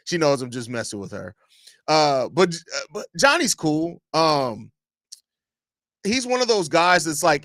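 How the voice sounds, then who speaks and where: Slightly high-pitched with a fairly bright tone, a podcast host chats loosely into his desk microphone during a casual at-home sports live stream, repeating phrases and voicing questions from chat. The sound is studio quality with no room sound.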